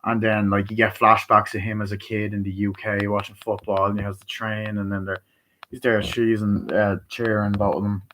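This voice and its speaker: A man giving a casual, rambling movie review full of swearing, who acts out scenes by quoting the characters in quick voices. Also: fairly low pitch, flat delivery, a bit bright, slight background noise, poor audio.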